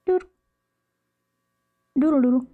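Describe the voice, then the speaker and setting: A woman's voice: high-pitched, measured pace, phone-quality sound. A young woman streaming, chatting casually and playfully with her chat as she draws, rambling and restarting her sentences.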